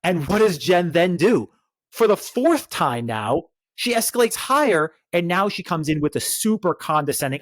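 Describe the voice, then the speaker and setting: In a laid-back recap conversation, this podcast co-host gets emphatic and animated, performing other people's quotes. He has a fairly high-pitched voice, talks at a normal speed, and there's no echo.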